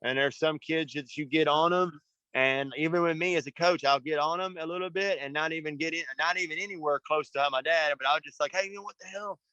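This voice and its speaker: A man with a slightly raised pitch talks through riding advice like a motocross coach, earnest and rambling. The sound is dry and a little dull, like a modest lo-fi recording. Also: fairly even intonation, a little fast, sharp tone, no room sound. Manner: earnest, rambling, repeats "you know what I mean". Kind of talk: casual coaching talk.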